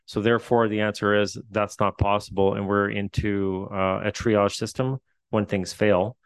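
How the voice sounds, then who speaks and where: A man's voice: lowish voice, level tone, normal speed, smooth, no echo. A man with a Newfoundland accent, a facilities administrator answering questions at a meeting, hesitant with many fillers and restarts.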